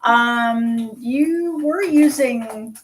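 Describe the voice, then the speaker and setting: Woman chatting slow and easy on a boat, soft, laughs a lot, bit of hiss. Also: a little high, low-quality recording. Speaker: sailing vlog co-host. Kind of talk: casual live chat. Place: aboard a small sailboat.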